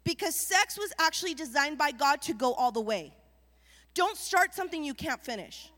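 A woman pastor preaching a lively sermon with call-and-response to the congregation. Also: high-pitched, normal speed, long reverb tail.

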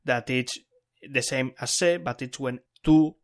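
A man hosting a beginner Spanish podcast, explaining grammar in a lively, emphatic way and repeating key words for stress. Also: medium pitch, unhurried. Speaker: Spanish teacher and podcast host. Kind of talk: bilingual language lesson.

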